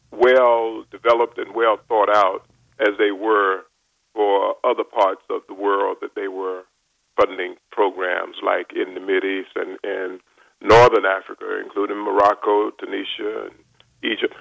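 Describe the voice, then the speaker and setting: A man in his seventies from North Carolina, a chemist giving a measured, formal radio interview with frequent pauses. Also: lowish voice, creaky, fairly bright tone, dry recording, poor audio. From North Carolina, USA. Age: 70s. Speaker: guest chemist. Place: radio studio.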